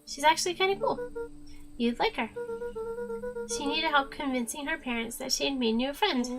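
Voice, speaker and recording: A woman's voice: sits high, normal speed, music in the background. Woman reading a flustered young boy. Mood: defensive. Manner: pleading and flustered.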